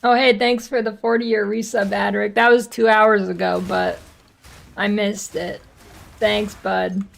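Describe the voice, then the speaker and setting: A woman's voice: medium pitch, level tone, unhurried, creaky. A woman streaming a game, chatting casually and teasing her viewers with jokes. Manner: joking, teasing chat banter.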